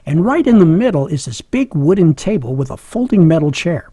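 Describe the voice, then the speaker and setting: A man's voice: a little high, big pitch swings, brisk, dark tone, slightly rough, dry recording. A middle-aged man telling a funny personal story, chuckling often and joking at his own expense. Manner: humorous, chuckling, self-mocking.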